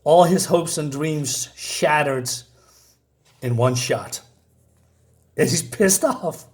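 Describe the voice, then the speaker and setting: A man with a slightly high voice reviews a comic book casually and slowly, rambling with lots of fillers and self-corrections. He reads the dialogue aloud in a mostly plain voice.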